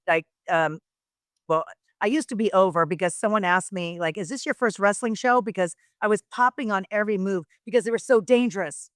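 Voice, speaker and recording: A woman's voice: medium pitch, a bit bright, no room sound, clean studio sound. A middle-aged woman, a retired wrestler and guest on a podcast, chatting casually and telling rambling stories full of quoted voices. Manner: rambling storyteller who acts out quoted voices. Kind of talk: casual chat.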